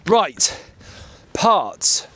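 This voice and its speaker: A British motorbike vlogger from the United Kingdom chats casually to camera about his bike, jokey and full of slang and banter. His high, slightly bright voice has a sing-song lilt with drawn-out words. A little hiss or hum is audible.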